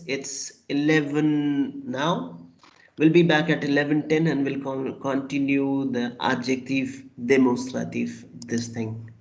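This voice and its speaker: Slow, patient male language teacher. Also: mid-range voice, steady tone, gravelly, reverberant, muffled recording. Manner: slow, patient, repeats words for students. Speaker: French teacher. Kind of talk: online language lesson.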